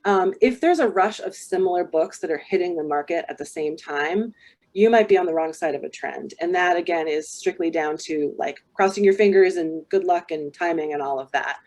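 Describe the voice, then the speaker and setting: A woman's voice: on the low side, normal speed, darkish tone. A woman book coach giving casual advice, thoughtful and talking with many ums and restarts.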